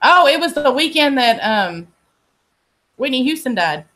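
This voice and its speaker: A woman's voice: sits high, very animated, a little slow, pushed and bright, slight background noise. A woman, telling stories in a casual, profane chat and laughing often. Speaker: host.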